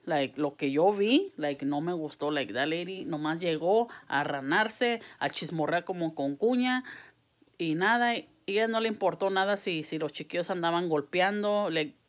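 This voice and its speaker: Heated woman, lower voice. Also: moderate pace. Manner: profane, switches between English and Spanish mid-sentence; heated and exasperated. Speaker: vlogger. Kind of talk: casual venting to camera.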